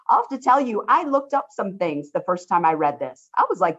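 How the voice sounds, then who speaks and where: A college instructor with a husky, fairly high voice talks fast and very animatedly, barely pausing, over dull lo-fi video call audio. She leads an online study workshop, upbeat and encouraging, often saying how much she loves her students' questions.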